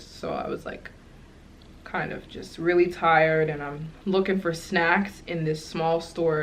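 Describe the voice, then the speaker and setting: Young girl vlogging, lowish voice, rambly and excited, lots of likes and ums. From United States. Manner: rambling, animated, many fillers and asides. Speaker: travel vlogger. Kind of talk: casual storytelling to camera.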